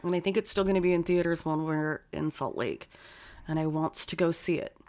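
A woman's voice: deep voice, a little fast, a little mellow. A woman chatting casually about movies in a blunt way, swearing often. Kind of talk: casual chat.

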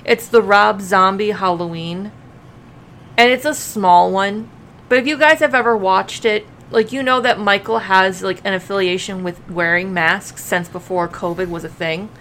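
A woman's voice: mid-range voice, moderate pace, a bit bright, a little hiss or hum. A woman co-hosting a podcast in casual chat, talking bluntly and swearing freely. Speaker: podcast co-host.

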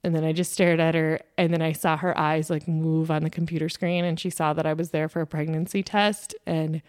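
A woman's voice: sits low, level tone, a little fast, darkish tone, dry recording, clean studio sound. A woman in her thirties, a podcast host, telling a personal story in a candid, conversational way with plenty of fillers.

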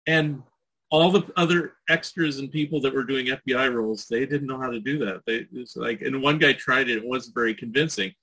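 Man, casual guest, rambling storyteller, lots of "you know", edgy slightly raspy tone. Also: mid-range voice, a little fast, bright, forceful tone, poor audio. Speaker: podcast guest.

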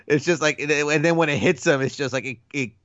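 A man's voice: a little high, fast talker, fairly bright tone, no room sound. A man co-hosting a film podcast, talking in a laid-back, slangy way and laughing often. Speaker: podcast co-host. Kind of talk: casual film chat. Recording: dry, dull lo-fi sound.

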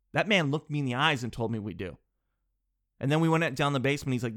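A man with a cold, sniffling as he rambles through an animated, digressive comic monologue from his home office. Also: medium pitch, a little fast. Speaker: vlogger.

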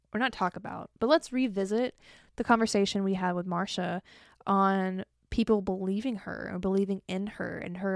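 Young woman podcaster, kinda tired, joking at herself, gravelly fry, dry close mic. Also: mid-range voice, no echo. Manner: chatty and self-deprecating, joking asides. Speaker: podcast host. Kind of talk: casual solo podcast chat.

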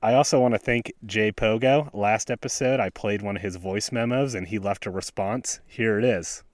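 A man's voice: on the low side, moderate pace, no echo, clean studio sound. A man with a West Virginian accent hosting a laid-back podcast, talking casually while out in a snowy forest. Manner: laid-back, self-deprecating. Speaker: podcast host. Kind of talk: casual outdoor podcast talk. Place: snowy forest outdoors by a stream.

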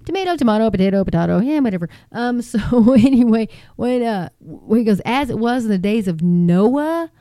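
A woman hosting a casual talk on faith and the news, rambling from one point to the next with plenty of fillers. Her voice is mellow and dark. The recording is close and dry. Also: on the high side, animated, a little slow, hardly any pauses, dry recording. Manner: rambling and chatty, with lots of fillers and asides. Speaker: Christian commentary host. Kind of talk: casual prophecy news commentary.

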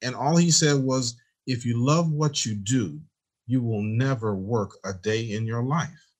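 A man who works as a teacher, telling stories in a relaxed interview and acting out the dialogue he quotes. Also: medium pitch, a little slow. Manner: animated storyteller, acts out quoted dialogue. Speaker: teacher, guest. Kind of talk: storytelling in a conversational interview.

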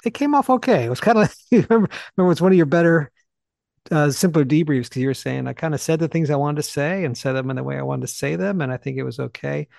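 A man teaching Bible studies, talking eagerly and fast in a casual podcast chat, often clipping his sentences and restarting. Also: on the high side, creaky, darkish tone, no echo, clean studio sound.

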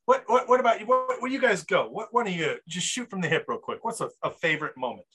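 A man's voice: high-pitched, lively intonation, quick pace, pushed and bright, slightly rough. A man hosting a podcast in an upbeat, hype-style casual chat, full of fillers. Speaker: podcast host.

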